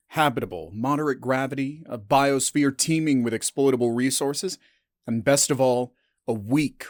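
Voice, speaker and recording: A man narrating a science fiction story in a steady, dramatic scripted style. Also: mid-range voice, no echo, studio quality.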